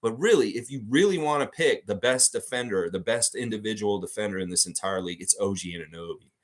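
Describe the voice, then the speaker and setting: A man's voice: lowish voice, fast talker. A man hosting a live sports fan show, talking in a casual, emphatic and blunt way with frequent cursing. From United States. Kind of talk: casual live stream commentary.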